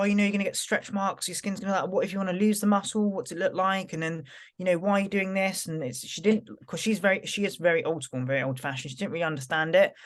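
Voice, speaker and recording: A woman's voice: sits low, fairly bright tone. Chatty woman, rambling. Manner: chatty, rambling, full of "like" and restarts. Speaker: podcast co-host. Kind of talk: casual chat.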